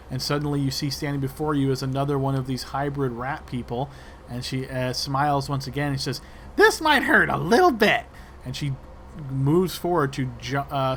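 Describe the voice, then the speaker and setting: A man running a tabletop game as game master, narrating in a relaxed way with fillers. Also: mid-range voice, slight background noise. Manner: relaxed, describing actions with fillers.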